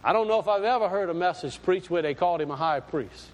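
A man's voice: high voice, lively intonation, quick pace. A man preaching a sermon in a folksy, storytelling way with sudden emphatic swells. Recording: echoey hall.

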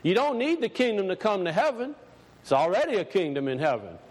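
A man preaching a sermon, asking the congregation questions and slowing down to stress key words. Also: sits high, very animated.

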